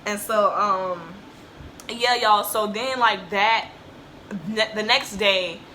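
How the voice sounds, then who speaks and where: A woman's voice: medium pitch, slow pace, sharp tone, a little hiss or hum. A woman in her late teens telling a casual storytime to her camera, chatty and full of fillers. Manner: chatty, with many "like"s and "um"s. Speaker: vlogger.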